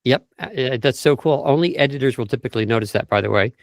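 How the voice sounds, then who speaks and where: A man's voice: medium pitch, fast, no room sound, studio quality. A man working as a vocal coach, explaining tips step by step in an interview over a video call and briefly demonstrating speech habits.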